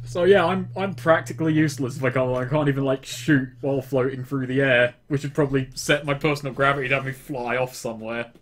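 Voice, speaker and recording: A man's voice: medium pitch, fairly even intonation, fast, hardly any pauses. Male tabletop player, casual, rambling, self-correcting.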